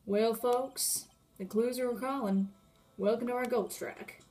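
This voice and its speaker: A woman's voice: a little high, steady tone, slow pace, warm tone, soft background music. A woman voicing a swaggering male cowboy police officer with a put-on Texan drawl and folksy sayings.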